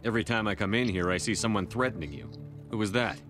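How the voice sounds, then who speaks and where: An actor playing a male human space commander, firm, protective and steady. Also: fast, faint music behind, close to an everyday voice. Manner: firm, protective, low and even.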